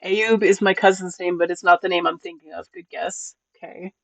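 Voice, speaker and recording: A streamer talks casually with viewers in a playful, chatty way and laughs often. The voice sits at a middle pitch. It is recorded close and dry, with no room sound. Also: steady tone, normal speed, vocal fry, fairly bright tone, no echo.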